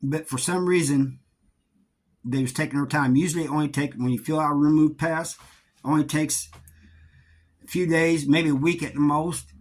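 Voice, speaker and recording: A middle-aged man telling a story from his time in prison in a casual, halting way, often repeating words. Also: a little high, steady tone. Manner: halting, repeats words, drawling Southern-sounding grammar.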